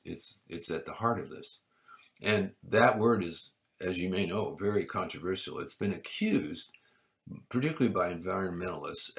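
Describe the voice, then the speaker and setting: A man delivers a sermon in a low, gravelly voice. He speaks in measured phrases that rise to emphatic peaks and fall back to quiet asides. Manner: measured preaching with emphatic rises and soft drops. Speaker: pastor.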